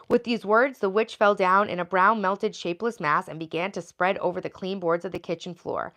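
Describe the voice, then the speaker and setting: A woman's voice: medium pitch, steady tone, fairly quick, few pauses, fairly bright tone. A woman hosting a livestream, reading a storybook aloud between chatty, rambling asides. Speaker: livestream host.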